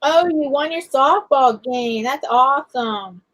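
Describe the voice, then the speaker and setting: A woman's voice: high voice, slow, a bit bright, no echo, low-quality recording. A woman hosting a casual live chat stream, greeting viewers by name as she talks. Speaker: livestream host.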